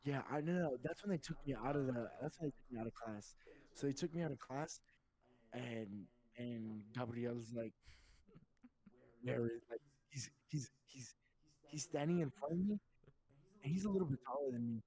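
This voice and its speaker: A young man talking in a loose, rambling way as he co-hosts a casual chat podcast. His voice is dark and mellow at an ordinary pitch. He jumps into louder bits when he acts out what people said. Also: moderate pace, long pauses, poor audio. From Texas. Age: young adult. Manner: rambling, animated storyteller acting out shouted names. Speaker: podcast co-host.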